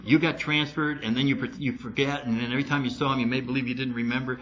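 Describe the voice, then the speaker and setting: An older man speaking at a recovery meeting, telling a story and acting out both sides of his conversations in an animated way. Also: mid-range voice, fast talker, few pauses, highs cut off.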